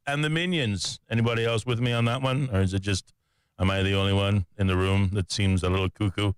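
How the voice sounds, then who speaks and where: A man hosting a radio talk show, chatty and joking about himself. His voice is low and smooth. The studio sound is dry and close. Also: brisk, no room sound. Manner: chatty, joking and self-mocking.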